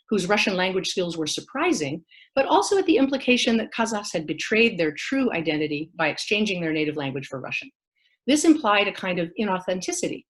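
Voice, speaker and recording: A woman giving an academic lecture online, reading from a prepared text with the odd filler. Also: mid-range voice. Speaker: academic speaker. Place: online talk.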